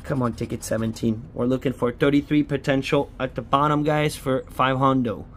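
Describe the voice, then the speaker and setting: Casual male vlogger, mid-pitched, hopeful chatter with faint background hiss. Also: steady tone, moderate pace, a bit bright. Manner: chatty, hopeful, pleads with the ticket. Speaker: scratch-off lottery vlogger. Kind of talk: casual running commentary.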